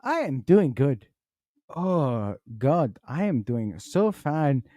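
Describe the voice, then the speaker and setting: A man doing a comic bit as a fellow who woke up with a strange, stiff, overly formal voice, speaking slowly and pronouncing every word. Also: fairly high pitch, dark tone, clean tone, no room sound, voice pushed up, natural voice.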